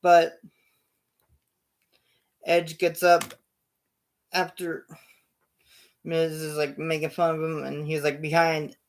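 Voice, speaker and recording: A man hosting his own show, narrating imagined wrestling action in a casual play-by-play, punctuated with loud sound-effect bursts. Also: on the high side, little pitch movement, slow, long pauses. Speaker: show host.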